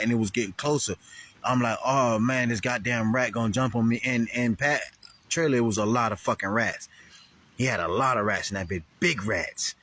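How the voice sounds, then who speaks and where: A man's voice: mid-range voice, fairly bright tone, husky. A man, telling a rambling, profane story to the camera and laughing often.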